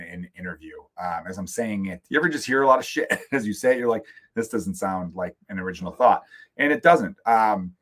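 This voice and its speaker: An American man hosting his own podcast, ranting casually with jokes, swearing and rambling asides into a close microphone. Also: fairly low pitch. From United States. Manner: profane, joking, rambling asides. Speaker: podcast host. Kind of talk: casual solo comedic rant. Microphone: studio microphone, close.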